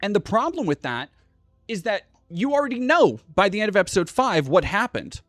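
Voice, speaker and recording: A man's voice: high-pitched, big pitch swings, brisk, fairly bright tone, no echo. Brief: young man streamer, swears freely and rambles, dry close sound, faint music underneath. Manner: profane, rambling rant. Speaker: livestream host. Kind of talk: casual livestream chat.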